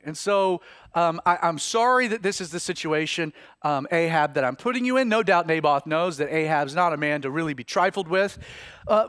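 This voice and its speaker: High, animated man preaching. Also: no echo, studio quality. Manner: animated, conversational, with asides. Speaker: pastor. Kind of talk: expository sermon.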